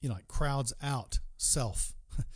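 A man preaching a Bible sermon in an earnest tone. He puts direct questions to the listener and slowly stretches key words for emphasis. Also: medium pitch.

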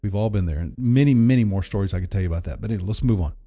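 A man's voice: fairly low pitch, rapid-fire, warm tone. A man preaching a sermon in a conversational, emphatic way, often repeating himself for effect. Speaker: pastor.

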